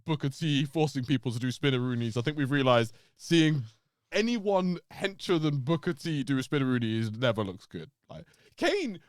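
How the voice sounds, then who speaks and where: A man co-hosting a casual podcast chat, animated, laughing often and swearing as he acts out quotes. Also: medium pitch, moderate pace, no echo, clean studio sound. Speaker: podcast co-host.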